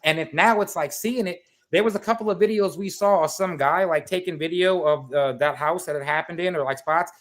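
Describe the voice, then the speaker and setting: A man with a slightly higher voice, talking on a remote call and telling a story with lots of energy. He rambles, swears and piles on fillers as he goes. The call audio has that typical video-chat sound. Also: fairly quick, few pauses. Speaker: guest. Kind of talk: casual podcast chat.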